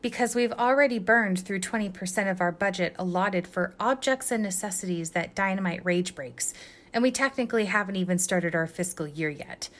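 A bored young man from a storybook who drawls every line with dry, deadpan wit, read by a woman doing his voice. Nothing seems to rattle him. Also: medium pitch, normal speed, close to an everyday voice. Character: bored, dry-witted young male hero.

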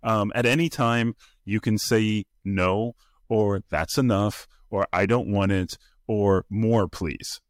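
A man with a fairly low voice talks through a topic in casual discussion. He is animated, jumps into higher voices to act out what people say, and restarts sentences as he thinks. The sound is dry and close. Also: slow pace, no echo. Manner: animated, acts out quoted voices in a higher pitch; conversational with frequent fillers and restarts. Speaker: podcast co-host.

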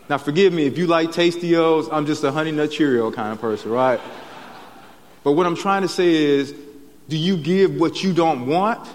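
A man's voice: fairly high pitch, normal speed. A man preaching a sermon in a conversational way, often checking in with "right?". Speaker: pastor. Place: church sanctuary. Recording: long reverb of a church hall.

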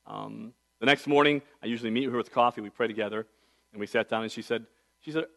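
A middle-aged male pastor with a medium, creaky voice preaches quickly, sharing a personal story conversationally. His volume swings widely between soft and loud.

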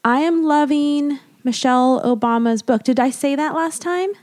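A woman in her thirties chats with a friend on their podcast. She talks casually and enthusiastically, filling her sentences with "like" and quick asides. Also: sits high, a little mellow. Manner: chatty, enthusiastic, lots of "like". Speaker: podcast co-host. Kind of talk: casual chat. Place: traveling in an RV.

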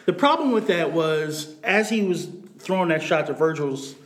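A man co-hosting a casual boxing chat, animated and opinionated, swearing freely. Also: a little high, normal speed, roomy sound. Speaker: boxing podcast co-host.

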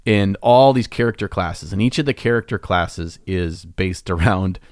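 A low-voiced man co-hosts a podcast at normal speed, chatting casually in a playful, teasing manner and laughing often. The studio sound is clean, with no echo.

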